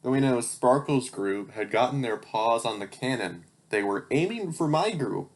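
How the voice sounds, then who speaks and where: Reading out stories he wrote as a kid, a young man who hosts the channel breaks off for sarcastic, disbelieving asides full of curses. His mid-range voice is animated and moves at a moderate pace.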